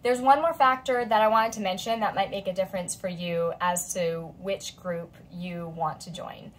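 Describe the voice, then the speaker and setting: A woman in her thirties chatting to camera as a vlogger, expressive and talkative, often acting out what others said. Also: on the low side, normal speed, slight background noise, poor audio. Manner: chatty and expressive, voicing quoted friends. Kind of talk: casual chat to camera.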